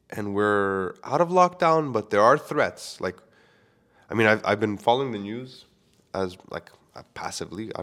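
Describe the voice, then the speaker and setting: A man's voice: fairly low pitch, a bit bright. A man in his thirties hosting a solo podcast, talking in a candid, rambling, self-questioning way and swearing casually. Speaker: podcast host.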